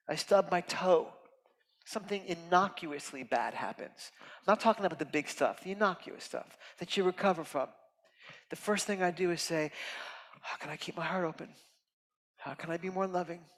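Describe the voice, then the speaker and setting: A man giving a heartfelt, expressive inspirational talk as a guest speaker at a temple, swinging from loud emphasis to soft near-whispers. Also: high voice. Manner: earnest and heartfelt, tearful at moments. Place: temple sanctuary. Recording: reverberant hall.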